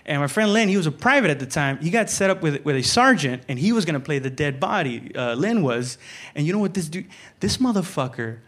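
High-voiced man telling stand-up army stories. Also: fairly quick. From United States. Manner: animated storytelling, loud high-pitched voices for the people he quotes. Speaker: stand-up comedian. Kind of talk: stand-up set. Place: comedy club stage.

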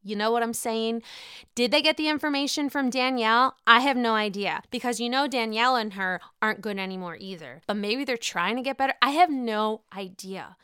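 A woman's voice: fairly high pitch, a little fast, bright, forceful tone, clean tone, no echo, studio quality. A young woman hosting a casual, profane, gossipy recap of a reality show, full of gasps and exclamations.

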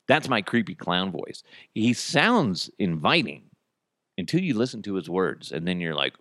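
A man's voice: fairly low pitch, sing-song, moderate pace, a bit bright, no echo, studio quality. Rambling, profane man hosting a podcast. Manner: rambling, profane, self-mocking. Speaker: podcast host. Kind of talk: casual solo podcast talk. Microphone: headphones and studio mic.

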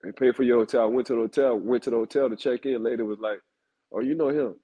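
A man, talking football as a co-host at a middle pitch. He tells stories in a loose, casual way and says names over and over to drive a point home. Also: fairly even intonation, rapid-fire, warm tone, breathy edge, poor audio. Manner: storytelling, repeats names for emphasis. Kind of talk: casual chat.

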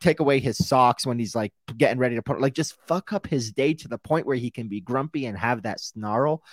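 A man with an American accent co-hosting a sports podcast in casual chat, rambling and animated, swearing freely. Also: mid-range voice, brisk, no room sound, clean studio sound. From United States.

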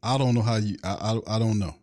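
A man's voice: fairly low pitch, quick pace, darkish tone. A man hosting a sports fan podcast, ranting in casual commentary with a stream of rhetorical questions and reading out viewer questions. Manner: takes viewer questions from chat.

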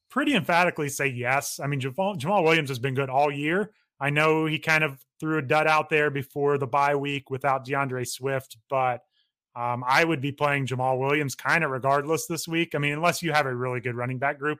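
A man co-hosting a fantasy football podcast, giving quick conversational analysis with frequent restarts. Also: mid-range voice, bright, forceful tone, no room sound. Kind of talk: casual podcast chat.

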